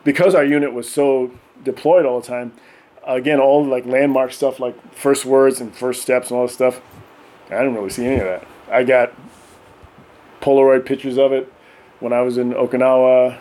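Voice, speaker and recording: A middle-aged man telling animated stories in casual podcast chat, often acting out voices and laughing. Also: medium pitch, normal speed. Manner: animated, acts out voices of his kids and himself, laughs often. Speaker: podcast guest.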